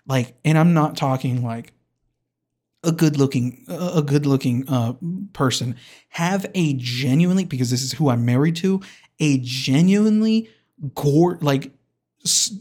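A podcast host with a slightly high, darkish voice delivers a comedic rant. It's rambling and hyperbolic, constantly interrupting and restarting itself.

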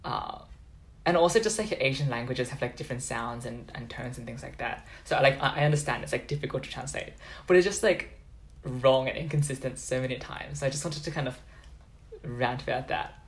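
A man's voice: mid-range voice, fairly quick. A young man chatting casually on a podcast, rambling with lots of filler words. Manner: rambling, heavy use of filler "like". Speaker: podcast co-host. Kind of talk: casual chat.

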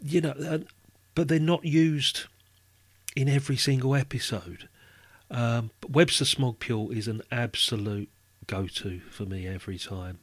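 A man's voice: mid-range voice, measured pace, no echo. Male guest, casual chat, rambling, dry booth sound. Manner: rambling, many restarts and "you know". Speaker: podcast guest.

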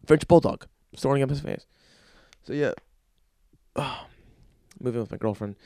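A young man runs his own podcast and rants alone, crudely and aimlessly, with plenty of fillers. He talks a little slowly in a mid-range voice with a dark tone. The audio is studio quality with no echo.

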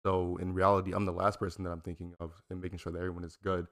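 A man's voice: low-pitched, little pitch movement, rapid-fire, fairly bright tone, no echo, studio quality. A man co-hosting a casual gaming-streamer chat, talking earnestly with lots of fillers and cursing freely. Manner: earnest, filler-heavy, swears freely when joking. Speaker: streamer and podcast co-host. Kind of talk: casual banter.

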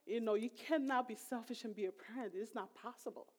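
A woman's voice: on the high side, quick pace, few pauses, darkish tone. A middle-aged woman giving a sermon in a conversational, emphatic way. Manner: conversational, emphatic, voice rising sharply when retelling emotional moments. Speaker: preacher.

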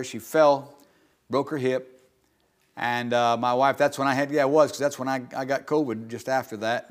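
A middle-aged man preaching in church, telling a personal testimony in a folksy way and calling for amens. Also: mid-range voice. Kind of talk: sermon testimony.

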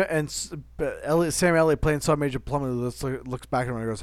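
A man's voice: mid-range voice, a little fast, no echo. Earnest, repetitive podcast man. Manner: earnest, repetitive, restarts a lot. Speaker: podcast co-host. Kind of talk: casual chat.

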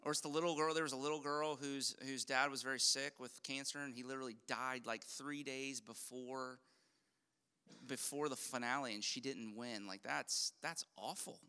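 A middle-aged man preaching a sermon as a pastor, conversational and animated, often restarting his phrases. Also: mid-range voice, normal speed, clear, resonant tone. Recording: long hall reverb.

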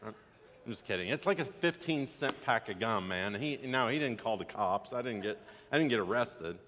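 A man's voice: fairly low pitch, lively intonation, moderate pace, fairly bright tone, in a large hall, a little hiss or hum. A man pastor preaching a sermon, telling stories with joking asides. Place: church sanctuary.

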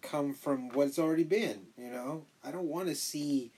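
Husky voice, eager guest, quick to agree, casual chat. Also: mid-range voice, dark tone.

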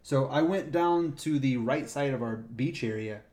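A man's voice: mid-range voice, unhurried. A man who works as a park ranger, casually telling stories from the job and acting out the people in them. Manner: animated retelling, acts out the people in his stories. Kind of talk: casual storytelling chat.

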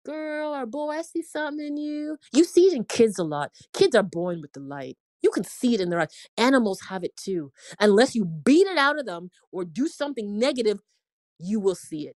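An inspirational speaker in her forties gives an earnest, emotional and somewhat preachy faith testimony, occasionally acting out the voices of people she quotes. Her medium-pitched voice is very animated, brisk and a little mellow, with no room sound.

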